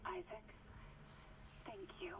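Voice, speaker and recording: Actress as a warm young medic leaving a video log; muffled, hissy game audio. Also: female voice, takes it slowly, close to an everyday voice. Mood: affectionate. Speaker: game character in a recorded message. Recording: dull lo-fi game audio with hiss, distant.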